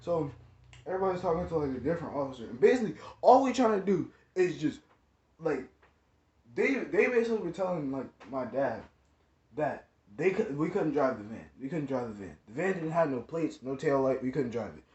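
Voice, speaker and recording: A man with a slightly high voice tells a story in loose slang, circling back and repeating himself as he goes. The recording sounds echoey and a bit dull and lo-fi, like a bare room. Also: animated, brisk, a little mellow. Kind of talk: casual storytime vlog.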